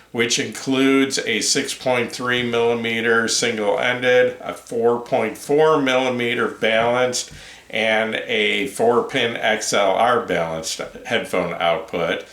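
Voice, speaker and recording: Man, low voice, slow relaxed pace, casual gear review, echoey room. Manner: unhurried, hesitant with frequent ums and uhs. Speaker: headphone reviewer, channel host. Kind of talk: casual product review talk.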